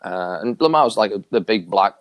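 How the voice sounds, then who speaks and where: Man, interview guest, low voice, dry close sound; animated storyteller who acts out the lines he quotes. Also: fairly quick, dry recording. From New York area. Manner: animated, acts out quoted dialogue with big pitch jumps. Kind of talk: casual storytelling.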